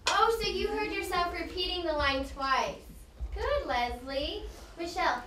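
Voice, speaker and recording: A woman teaching an elementary classroom, explaining things clearly and step by step in an encouraging way. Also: very high-pitched, measured pace, bright, forceful tone, slight background noise. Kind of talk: classroom instruction.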